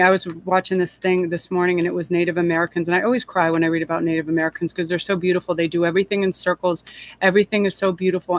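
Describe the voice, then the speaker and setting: A woman's voice: on the low side, a bit bright, no room sound. A woman reading tarot on a live stream, talking in a gushing, heartfelt and rambling way. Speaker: tarot reader.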